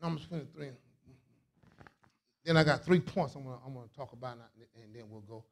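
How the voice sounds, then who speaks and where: A man preaching a sermon as a bishop, in a call-and-response style that swings from quiet asides to shouts. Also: medium pitch, fairly quick, gravelly.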